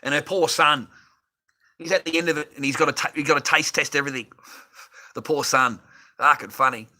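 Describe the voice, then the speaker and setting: A man's voice: a little high, fairly even intonation, fairly quick, pushed and bright. A middle-aged Australian man chatting casually and profanely on a phone livestream, rambling and laughing often. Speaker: livestream host. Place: garage workshop. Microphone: phone on a holder.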